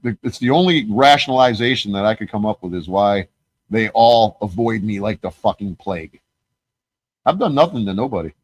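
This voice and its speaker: A man's voice: lowish voice, no echo. Heated, cursing male podcast host. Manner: profane, heated, rambling storytelling. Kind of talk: casual conversation.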